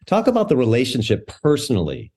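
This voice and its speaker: A man hosting an interview, asking thoughtful, halting questions with small stumbles. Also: mid-range voice, huge pitch swings, darkish tone. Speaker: interview host.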